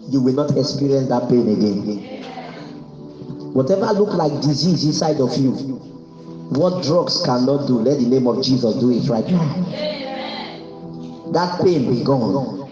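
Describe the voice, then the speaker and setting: A man pastor leading prayer at a service, fervent and repetitive, giving commands in prayer. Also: mid-range voice. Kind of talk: sermon and prayer at a live service. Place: church service, speaking online too. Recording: muffled, roomy recording with music behind.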